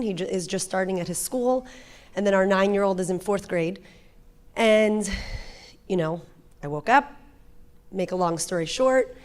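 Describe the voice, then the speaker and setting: A woman, a working mother, giving a frank and animated personal testimony in church. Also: mid-range voice. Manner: frank, animated confessional storytelling. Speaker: guest speaker, pastor's wife.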